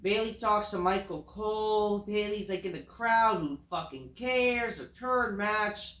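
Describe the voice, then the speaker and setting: A man with a fairly high voice rants through a wrestling show review, swearing often and brushing things off with a bored, dismissive tone. His talk is loose and full of filler words. The recording has a roomy echo. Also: a little slow, a bit bright. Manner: profane, dismissive, filler-heavy. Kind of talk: casual ranting review. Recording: echoey room.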